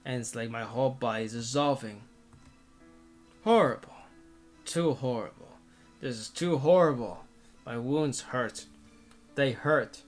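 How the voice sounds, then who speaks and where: A man's voice: medium pitch, measured pace, faint music behind. A man reading a visual novel aloud in the first person, intense and theatrical, often restarting words.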